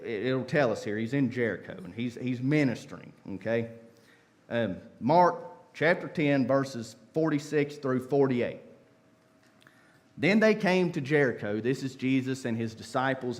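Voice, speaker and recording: A man preaching a sermon, telling the story in a folksy, animated way with casual asides. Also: mid-range voice. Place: church sanctuary.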